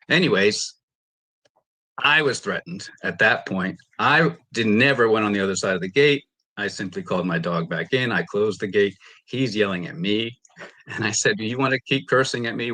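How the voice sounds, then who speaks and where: Forceful man giving courtroom testimony. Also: fairly low pitch. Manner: emphatic, re-enacting quoted exchanges. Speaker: litigant in a courtroom dispute. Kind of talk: courtroom testimony, recounting events.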